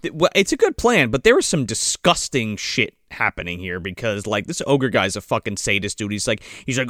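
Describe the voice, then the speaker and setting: A man's voice: lowish voice, sing-song, a little fast, few pauses, sharp tone, no room sound, studio quality. A man co-hosting a podcast, mocking a movie in crude, heavily profane casual chat. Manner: crude, heavy swearing, mocking. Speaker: podcast co-host.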